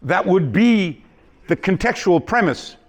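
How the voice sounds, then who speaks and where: A man's voice: high voice, animated, unhurried. A male martial arts instructor teaching a seminar, telling anecdotes with frequent restarts and acting out his students' lines. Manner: storytelling, acts out quoted students, frequent restarts. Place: dojo training hall.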